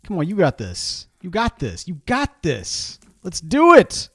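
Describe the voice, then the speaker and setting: A man's voice: high-pitched, huge pitch swings, slow pace, a bit bright, breathy edge, dry recording, clean studio sound. A man giving casual, rambling gameplay commentary in a playful, coaxing way. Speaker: game series player.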